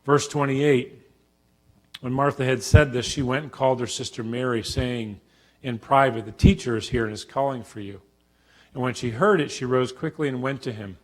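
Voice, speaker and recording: A middle-aged man, a professor, giving a Bible teaching talk at a church conference, acting out quotes with sudden loud bursts. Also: mid-range voice, fairly even intonation, moderate pace.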